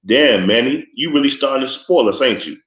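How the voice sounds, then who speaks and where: A man's voice: mid-range voice, expressive, a little fast, fairly bright tone, pitched above the performer's own voice, close to an everyday voice. A man voicing an eighteen-year-old drug dealer who talks in casual slang in a storybook reading. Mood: excited. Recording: echoey, slightly muffled room recording.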